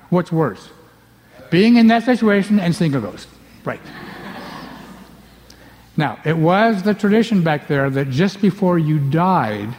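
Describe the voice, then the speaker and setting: A man preaching a sermon, animated, acting out the scenes and swinging between loud bursts and hushed asides. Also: fairly high pitch. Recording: long reverb of a large hall.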